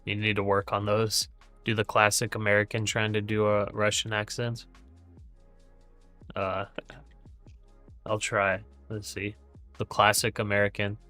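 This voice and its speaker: Male trading-stream host, casual, rambling; bright, forceful tone. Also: lowish voice, flat delivery, unhurried, long pauses, faint music behind. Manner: chatty, thinks aloud with fillers and restarts. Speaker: day trading livestream host. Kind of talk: casual live trading commentary.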